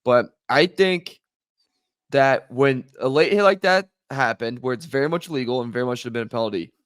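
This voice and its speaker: A man co-hosts a football podcast with a joking, sarcastic delivery. His voice sits at an average pitch. The recording is dry and close. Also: moderate pace, clear, resonant tone, no room sound. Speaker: podcast co-host. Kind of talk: casual sports chat.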